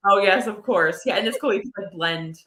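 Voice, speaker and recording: A woman's voice: mid-range voice, fairly quick, a bit bright. A woman chatting casually, asking questions and laughing along. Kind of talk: casual chat.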